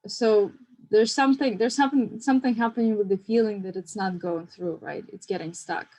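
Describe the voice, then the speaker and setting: A woman therapist leading a class conversation, speaking gently and reflectively, with frequent restarts. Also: medium pitch, steady tone, brisk, low-quality recording. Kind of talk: casual teaching conversation.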